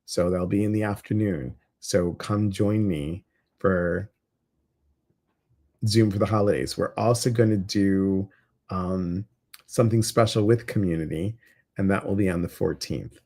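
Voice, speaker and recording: A man with a Chicago accent hosting a casual livestream, upbeat and excitable as he talks straight to his viewers. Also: deep voice, measured pace. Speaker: livestream community host.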